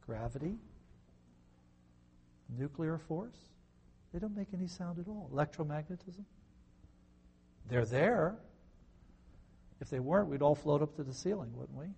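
Raspy, gravelly-voiced man teaching scripture. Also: a little high, dark tone. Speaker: pastor. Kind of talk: conversational Bible teaching.

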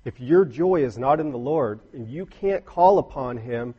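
Middle-aged male preacher, husky, earnest storyteller who builds to emphatic peaks. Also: mid-range voice, lively intonation, moderate pace, dull audio. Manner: earnest, rising to emphatic bursts, storytelling asides. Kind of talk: sermon.

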